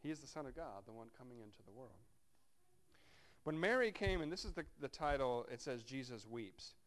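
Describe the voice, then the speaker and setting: A man's voice: mid-range voice, very animated, moderate pace, fairly bright tone. A man preaching a sermon, reading scripture aloud and breaking off into wry, conversational asides to his congregation. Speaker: pastor.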